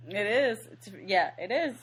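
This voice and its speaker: A woman's voice: mid-range voice, animated, a little slow, slight background noise. A woman co-hosting a movie podcast, chatting casually and leaning on "like" as a filler. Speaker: podcast co-host. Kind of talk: casual movie-recap chat.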